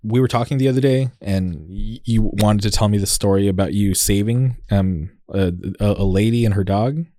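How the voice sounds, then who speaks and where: Relaxed low-voiced man, dry sound. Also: normal speed, few pauses, dry recording. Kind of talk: casual chat.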